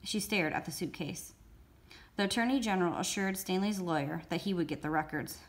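A woman storyteller reading a novel aloud in a steady, expressive way. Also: lowish voice, a little fast. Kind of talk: read-aloud book narration.

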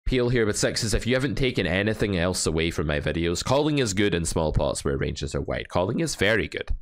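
A man from England reviewing poker hands as a coach, talking in a wry, animated way with joking asides. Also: deep voice. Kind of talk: hand review commentary.

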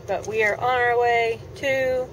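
A woman's voice: on the high side, steady tone, unhurried, background noise. A woman vlogging casually from a car, chatting and rambling with lots of fillers. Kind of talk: casual vlog chat.

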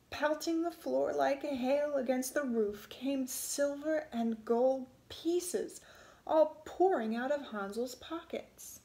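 A woman reading a storybook aloud in an expressive way, relishing the sound words. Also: sits high, slow, echoey room.

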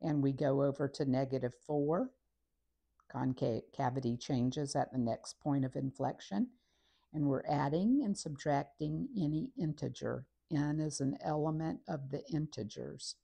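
Woman math teacher, low mellow voice, slow and steady, walks through each step. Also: vocal fry. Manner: steady, methodical, talks through steps while writing. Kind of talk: recorded math lesson explaining a graph.

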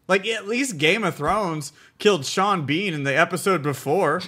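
Casting note: young male co-host, bright and forceful tone, higher voice, animated and jokey while recapping shows. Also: normal speed. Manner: animated, acts out scenes, laughs a lot. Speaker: co-host of a TV review show. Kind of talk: casual chat.

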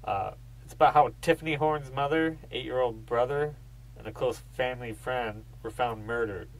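A man's voice: medium pitch, normal speed, low-quality recording. A man co-hosting a podcast in casual chat, rambling through stories, swearing freely and laughing as he talks. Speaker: podcast co-host.

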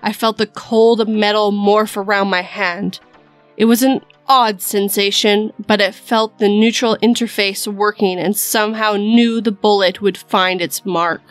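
A woman host reading a horror story aloud in a measured, dramatic storytelling style. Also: mid-range voice, steady tone, soft background music. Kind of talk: scripted horror narration.

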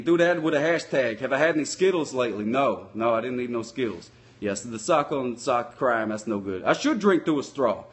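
A man's voice: medium pitch, close to an everyday voice. A man voicing a folksy male sock-puppet patrol cop who rambles with loose grammar while chatting with viewers on a comic live stream.

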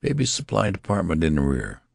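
A matter-of-fact shop clerk, voiced by a man reading an audiobook, asks questions in a slightly raised, gravelly voice. The sound is dry and close. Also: low voice, huge pitch swings, a little fast, no echo, heavily acted.

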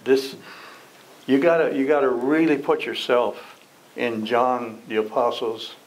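A man's voice: mid-range voice, steady tone, a little slow, a little hiss or hum, rough recording. A man teaching an adult Sunday school class, reading scripture and asking the class questions in a conversational way. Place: church classroom.

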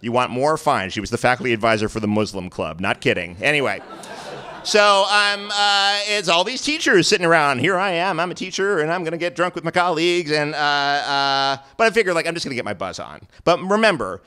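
A man from New York City telling a comic story on stage, animated and self-mocking, swearing freely. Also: fairly high pitch, a little fast, clear, resonant tone. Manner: animated, profane, self-mocking, acts out quoted voices. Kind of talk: live comedic storytelling. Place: stage at a live storytelling show.

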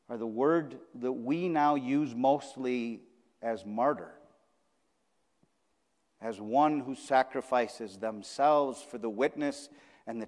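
A man's voice: medium pitch, a little mellow. A male pastor giving a sermon in a conversational preaching style, repeating phrases for emphasis. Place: church sanctuary. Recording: long church reverb.

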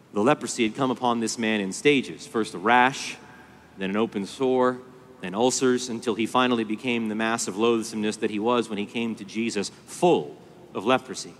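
A man preaching a sermon at a conference, swinging between hushed tenderness and loud, stirring emphasis. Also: fairly low pitch, normal speed, a little hiss or hum. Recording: long hall reverb.

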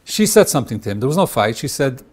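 A man's voice: mid-range voice, sing-song. A middle-aged man, a marriage therapist, lecturing at a workshop, asking the audience questions and acting out both husband and wife in his examples. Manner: asks the audience rhetorical questions and pauses on them.

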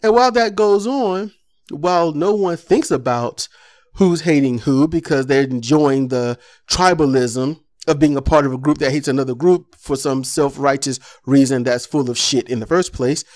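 A man's voice: a little high, normal speed. A man delivering an impassioned political commentary monologue, ranting with rhetorical questions.

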